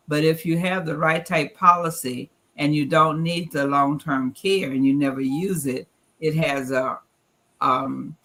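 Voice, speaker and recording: A man's voice: a little high, vocal fry, pushed and bright. A man with a Southern US accent giving an earnest, plain-spoken presentation at a church gathering and reading scripture aloud. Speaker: guest presenter. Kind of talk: church financial talk with slides.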